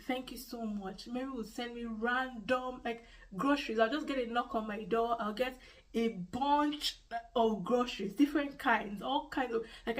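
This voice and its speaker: A woman's voice: a little high, far from the mic, rough recording. A Nigerian woman telling a personal story in a vlog, earnest and repeating key phrases for emphasis. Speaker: vlogger.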